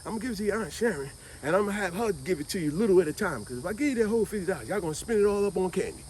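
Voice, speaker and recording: A man telling a childhood story in a casual, animated way, acting out the people he quotes and often saying "man". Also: high voice, rapid-fire, a little hiss or hum. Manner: animated, acts out quoted voices, repeats "man".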